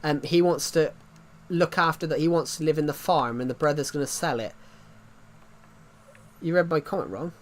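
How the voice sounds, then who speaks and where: Man, livestream chat, rambling, stumbling restarts, slightly high pitch. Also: moderate pace. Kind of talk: casual stream chat.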